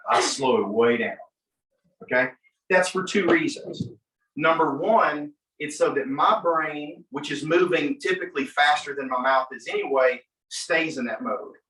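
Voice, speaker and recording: A man who is an attorney, coaching a class on mock trial in an animated way, acting out courtroom exchanges. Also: fairly high pitch, a little slow. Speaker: attorney, guest speaker. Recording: echoey room, mic from far off.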